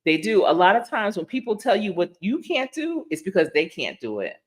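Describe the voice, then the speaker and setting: A middle-aged woman, a life coach, talks casually to her livestream audience. She tells stories with lively energy, laughing often and slipping into the voices of the people she quotes. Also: mid-range voice, brisk. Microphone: livestream setup.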